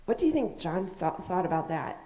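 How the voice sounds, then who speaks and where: In an echoey church sanctuary, a woman leads the children's message, telling a story to the kids in a mellow, slightly low voice at a slightly quick pace. She's animated, asking the children questions and acting out the characters' voices.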